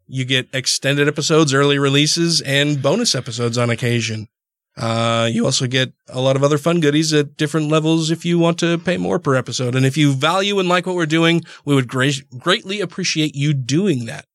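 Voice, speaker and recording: A man's voice: on the high side, fairly bright tone, no room sound. Laughing, close-miked podcast host man. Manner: laughs often, swears casually. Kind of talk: casual podcast chat.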